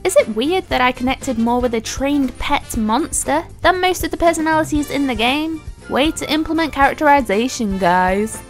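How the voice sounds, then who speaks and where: A woman's voice: sits high, animated, normal speed, few pauses, soft background music. A woman giving a ranting game review, sarcastic and exasperated, and swearing freely.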